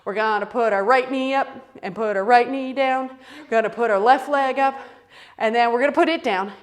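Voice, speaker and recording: A middle-aged woman with a voice on the high side briskly teaches a kids' yoga class. She's playful and encouraging, calling out each movement.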